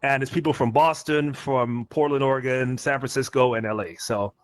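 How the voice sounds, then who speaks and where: A man co-hosting a casual comedy podcast from a virtual reality space, laid-back and laughing often, trailing off softly. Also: mid-range voice, steady tone, moderate pace, dry recording. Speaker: podcast co-host. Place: virtual reality meetup, recorded remotely.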